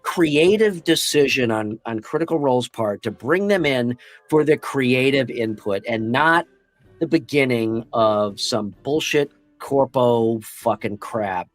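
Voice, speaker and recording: A man's voice: mid-range voice, a little slow, dry recording, soft background music. A man co-hosting a tabletop gaming podcast, arguing passionately and swearing a lot in casual discussion. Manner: impassioned and profane, lots of swearing. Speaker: podcast co-host.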